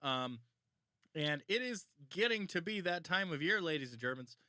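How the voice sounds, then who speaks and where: Male co-host, bright higher voice, playful pitchman, dry studio. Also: animated, moderate pace, no echo. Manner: jokey, salesy, playful. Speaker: podcast co-host. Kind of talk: casual chat and merch plug.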